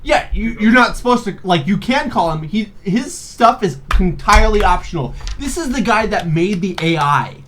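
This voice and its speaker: A man's voice: sits high, animated, normal speed, hardly any pauses, a bit bright. A man in his twenties recapping a video game in a rambling, profane, joking way, full of fillers and laughs. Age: 20s. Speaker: video host. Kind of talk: casual comedic game recap.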